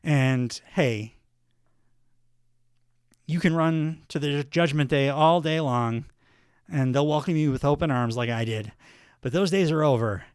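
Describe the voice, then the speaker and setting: Grave veteran Mexican wrestler, measured warnings with a put-on accent, as a man does him; dry, close voice. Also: on the high side, clean tone, no echo, natural voice. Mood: stern. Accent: Mexican Spanish, put on.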